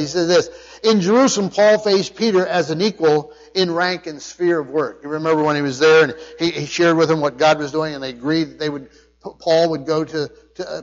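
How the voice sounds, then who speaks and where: Male pastor, higher voice, emphatic sermon delivery with restarts; muffled recording with long hall echo. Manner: emphatic preaching with frequent restarts and word study. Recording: dull sound with long hall reverb.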